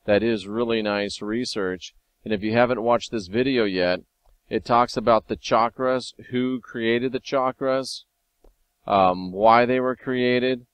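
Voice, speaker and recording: A man hosting a casual video monologue, talking wryly and sometimes excitedly as he reads and comments on scripture. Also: medium pitch, a little slow, clean tone, dry recording. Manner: conversational, wry, sometimes excited. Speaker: video host.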